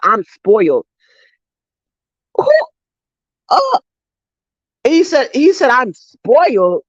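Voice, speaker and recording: A woman delivering a heated, profane commentary rant straight to her viewers, talking fast and cutting herself off. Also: a little high, darkish tone, no echo. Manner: heated, profane, rapid-fire ranting. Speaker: commentary vlogger. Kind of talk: ranting commentary vlog. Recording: dull lo-fi dry recording.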